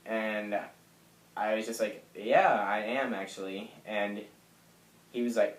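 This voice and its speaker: A man's voice: on the low side, slow, pauses often, roomy sound, low-quality recording. A young man telling his personal story to the camera in a candid, hesitant way with frequent fillers. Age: young adult. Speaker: vlogger.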